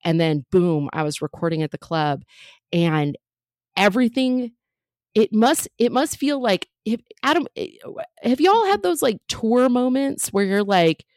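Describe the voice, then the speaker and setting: A woman's voice: mid-range voice, sing-song, measured pace, a little mellow, dry recording, clean studio sound. A woman comedian in her thirties telling a story as a podcast guest, chatty and full of fillers and jokey asides.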